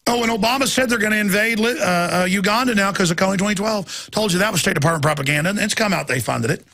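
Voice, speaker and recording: Hosting a radio talk show, a man rants in a heated monologue, emphatic and hopping from story to story. He speaks quickly in a voice that sits high, bright and forceful.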